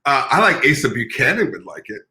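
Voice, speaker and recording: A man's voice: medium pitch, very animated, fairly quick, sharp tone. A man co-hosting a podcast, joking playfully and repeating running gags in casual chat. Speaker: podcast co-host.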